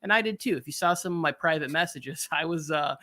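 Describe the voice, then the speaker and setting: A man hosting a sports podcast with a bright, forceful tone and a voice sitting a touch high for a man. He talks in an animated, joking way and keeps the banter rolling. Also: quick pace. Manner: animated, jokey, slips into impressions. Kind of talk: casual sports talk.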